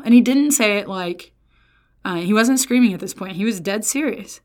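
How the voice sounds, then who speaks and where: In a mid-range, somewhat mellow voice at a moderate pace, a woman delivers a sermon. After a scripture reading she tells a personal story from when she was a student, chatty and folksy, restarting often and calling everyone y'all.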